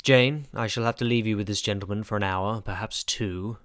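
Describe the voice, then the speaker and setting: A man doing a stern, brooding gentleman. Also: lowish voice, steady tone, fairly quick, dry recording, clean studio sound, lightly acted. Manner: commanding, curt.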